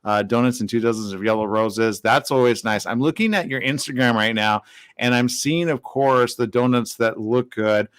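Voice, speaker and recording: A man's voice: medium pitch, moderate pace, clean tone. A man hosting an interview over a video call, chatty and playful with his guests. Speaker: interview host. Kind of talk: casual interview chat.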